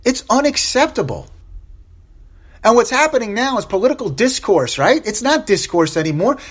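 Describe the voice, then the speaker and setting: A man's voice: very high-pitched, sing-song, moderate pace, fairly bright tone. A man hosting a solo opinion podcast, upset and impassioned, repeating phrases for emphasis and stumbling over restarts. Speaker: podcast host.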